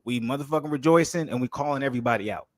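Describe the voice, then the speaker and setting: A man co-hosting a casual podcast chat, explaining things in a rapid, emphatic way. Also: medium pitch, no room sound, studio quality. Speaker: podcast co-host.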